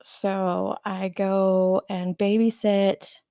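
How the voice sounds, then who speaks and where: A woman's voice: mid-range voice, little pitch movement, drawn-out words, gravelly, dark tone, smooth, no echo, clean studio sound. A woman hosting a livestream, chatting casually with her viewers, greeting them by name, and sounding a little sleepy. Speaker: livestream host. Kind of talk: casual chat with live chat viewers.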